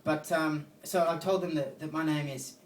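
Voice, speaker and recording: A man's voice: a little high, fairly even intonation, normal speed, a little hiss or hum. An Australian man doing a stand-up comedy set, rambling and crude as he tells stories. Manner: rambling, crude storytelling with swearing. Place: comedy venue stage with live audience. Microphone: phone recording from the audience. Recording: distant phone recording in echoey room.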